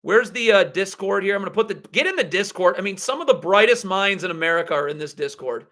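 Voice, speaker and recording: A man's voice: high voice, lively intonation, quick pace, pushed and bright. A man hosting a live basketball draft reaction stream, blunt and sarcastic as he rants. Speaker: basketball livestream host.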